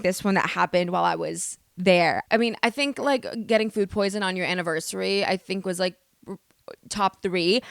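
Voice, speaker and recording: A young woman from the United States, hosting a podcast and telling stories in a loud, animated, swearing way. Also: mid-range voice, smooth, dry recording, clean studio sound. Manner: animated, swearing, exaggerated storytelling. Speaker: podcast host. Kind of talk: casual storytelling monologue.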